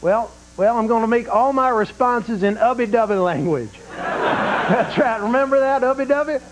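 A man's voice: very high-pitched, moderate pace. A man doing a giddy, boastful president impression. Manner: cackling, drawling slang, giddy and boastful. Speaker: comedy sketch performer. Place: late-night TV studio. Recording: noisy broadcast with loud studio audience.

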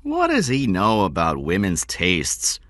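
A man's voice: deep voice, huge pitch swings, fairly bright tone, dry recording, clean studio sound, heavily acted. A man playing an eager, emphatic fashion designer. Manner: quick, emphatic. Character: muscular male fashion designer, forty-five, eager.

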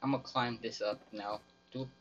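Speaking a little fast with fairly even intonation, a young man gives playful, melodramatic commentary while playing a game for YouTube. His mid-range voice comes through a slightly dull lo-fi mic, with slight background noise.

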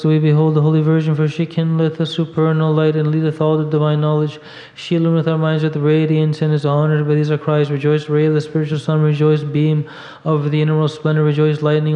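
A man reading liturgical hymns aloud in a steady, even recitation at a church service, now and then stumbling over a word. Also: on the high side, fast. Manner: steady monotone recitation with small slips. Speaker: reader at a monastery service. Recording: dull echoey church audio.

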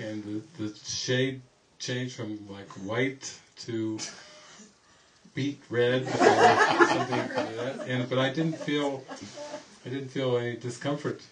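A man's voice: medium pitch, fairly bright tone. A man teaching at a retreat, rambling through anecdotes and often laughing as he talks. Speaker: spiritual teacher. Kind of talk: informal retreat teaching with stories. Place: indoor retreat gathering. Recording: distant mic with faint background noise.

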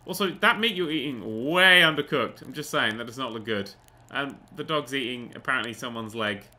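Very bright, sarcastic gaming host man. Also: medium pitch, animated, fairly quick. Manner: rambling, sarcastic, goes off on tangents; swears casually. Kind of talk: let's play gaming commentary.

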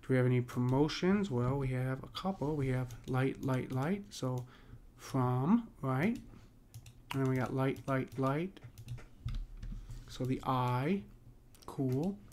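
A man's voice: medium pitch, expressive, darkish tone, a little hiss or hum. Guy teaching poetry meter, casual and chatty, says "right?" a lot, faint keyboard clicks in the background. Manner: talks through steps with frequent "right?" and fillers; reads verse lines slowly and deliberately. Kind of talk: casual explanatory lesson.

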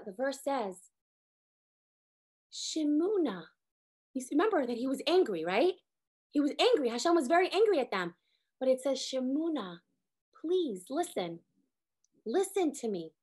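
A woman in her thirties teaching a lively Torah class, acting out quotes with sudden jumps in pitch. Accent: sprinkles Hebrew words. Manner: animated, acts out quotes with big pitch jumps.

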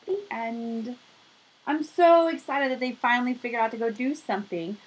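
A woman's voice: a little high, moderate pace, slightly rough, poor audio. A woman, a speech therapist, reading a story aloud to young children and leading a game, talking straight to them with encouragement. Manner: animated, encouraging, talks straight to young listeners. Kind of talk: children's read-aloud and activity lesson.

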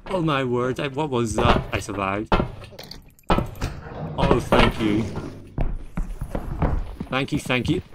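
A man playing a co-op horror game, out of breath, panicky, shouting and swearing at his teammate. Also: mid-range voice, slow pace, pauses often, heavy background noise. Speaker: gamer.

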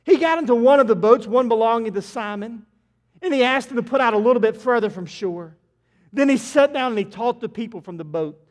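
A man pastor preaching an impassioned sermon in a church sanctuary, swinging from loud to quiet. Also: very high-pitched, animated, fairly quick.

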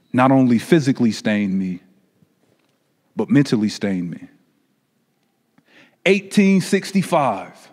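A man gives voice to an age-old carpet that has lain beneath centuries of lives, in a solemn spoken-word monologue. The delivery is slow, with weighty pauses and a voice pitched a little high. A long reverb trails each phrase. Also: darkish tone. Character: ancient carpet recalling centuries it witnessed, solemn. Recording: long reverberant room echo.

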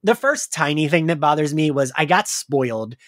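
A man's voice: on the high side, lively intonation, normal speed, a bit bright, dry recording. Congested man, dry close sound. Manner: chatty storyteller, acts out quoted friends. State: congested from crying. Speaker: podcast host. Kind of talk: casual chat.

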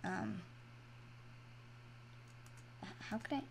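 Speaking extremely slowly against slight background noise, a female channel host offers casual commentary on her own game. She's excitable, moving between low mumbling and loud, high-pitched shrieks.

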